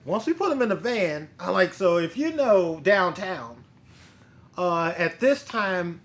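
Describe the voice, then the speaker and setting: Male host with a fairly high voice, a casual, profane storyteller who quotes the people in his story. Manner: blunt, profane, animated retelling with quoted dialogue. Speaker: bounty hunter and podcast host.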